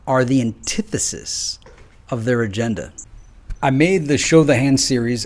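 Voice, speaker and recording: A man giving a solo political commentary monologue, rambling and restarting sentences, full of rhetorical questions and drawn-out pauses. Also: mid-range voice, a little mellow. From United States. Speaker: video commentator.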